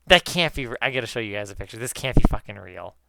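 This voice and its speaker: Man, casual gaming chat, excitable, swears a lot, bright tone, dry sound. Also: lowish voice, fast, vocal fry, no echo. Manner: excitable, swears casually, addresses viewers as guys. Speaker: gaming YouTuber.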